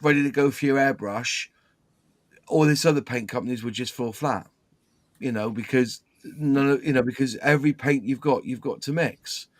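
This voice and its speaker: Man, casual chat, restarts a lot, mid pitch, dry close sound. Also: dry recording. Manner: rambling, self-correcting, explains his paint mixing. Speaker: co-host of a modelling live chat.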